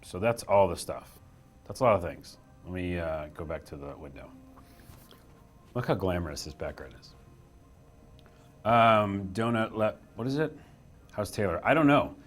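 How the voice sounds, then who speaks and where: A man's voice: sits low, animated, moderate pace, long pauses, soft background music. A young man hosting a casual live stream from a small office room, chatty and self-deprecating as he reads the chat aloud.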